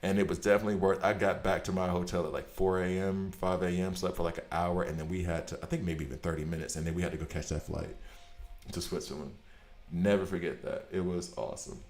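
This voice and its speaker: A man streaming a game, chatting casually and telling rambling, animated stories. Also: low voice, fast talker. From United States. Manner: animated storyteller, rambling tangents. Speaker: gaming streamer. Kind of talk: casual chat while gaming. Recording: echoey room.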